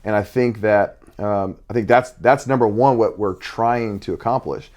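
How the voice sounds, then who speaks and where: A man's voice: fairly low pitch, moderate pace, darkish tone. A middle-aged man, a basketball coach and father, talking intensely in casual conversation with many restarts.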